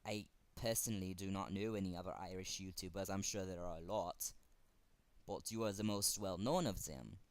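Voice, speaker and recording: A man with a German accent delivers a heartfelt tribute straight to the camera. His voice sits a little low. He talks slowly and haltingly, stopping often to find his words. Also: dry recording. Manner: earnest, halting, with frequent pauses. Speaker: fan vlogger. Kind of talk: earnest direct-to-camera tribute.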